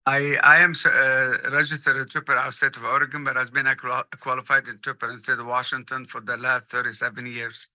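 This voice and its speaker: A man working as a court interpreter, speaking haltingly with restarts and fillers. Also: mid-range voice, level tone, sharp tone, no echo, poor audio. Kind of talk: courtroom testimony.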